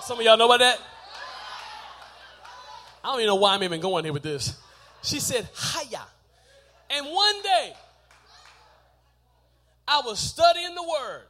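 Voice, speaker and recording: Texan preacher guy, really high bright voice, goes from storytelling to full-on shouting, has the church call back to him. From Texas. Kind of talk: sermon. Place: church sanctuary.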